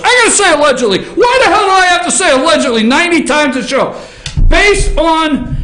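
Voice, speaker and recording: High-pitched, ranting male talk host. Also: roomy sound. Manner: loud, laughing, animated ranting. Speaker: opinion show host. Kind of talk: excitable political commentary.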